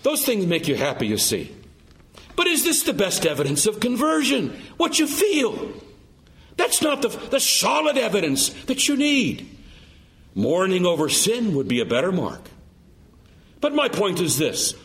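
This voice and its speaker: A man's voice: high voice, wildly swooping pitch, measured pace, a bit bright. A man preaching a sermon, emphatic and full of rhetorical questions.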